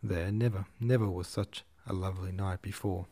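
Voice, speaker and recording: A man reading the lines of a dreamy, excitable young girl in a storybook, with rapt enthusiasm. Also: deep voice, normal speed. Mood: enraptured.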